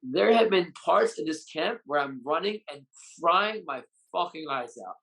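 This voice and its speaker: A man with a somewhat high, gravelly voice talks through a candid interview. He is blunt and swears constantly. He opens up with raw emotion as a fighter and coach. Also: expressive, normal speed, sharp tone, low-quality recording. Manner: blunt, heavily profane, openly emotional. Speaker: Muay Thai fighter and coach.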